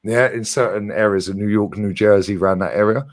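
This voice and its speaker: A London man hosting a stream on a video call, chatting casually in quick slang with laughter and swearing. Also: on the low side, fairly even intonation. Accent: London English. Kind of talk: casual chat.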